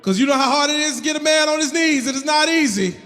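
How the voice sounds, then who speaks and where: A male comedian performing loud, punchy stand-up comedy live in a venue. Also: extremely high pitch, fast talker. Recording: long hall reverb, faint noise.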